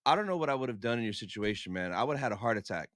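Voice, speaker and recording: Male podcast host, relaxed chat. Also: fairly low pitch, rapid-fire, dry recording, clean studio sound. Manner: relaxed, reacting with short agreements. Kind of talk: casual chat.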